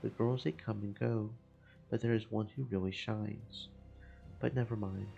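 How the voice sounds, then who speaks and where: A man's voice: on the low side, fairly even intonation, normal speed, vocal fry, mellow, highs cut off. A man voicing a proud, amorous Spanish fishmonger in a theatrical put-on Spanish accent, over game music. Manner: theatrical, lovesick.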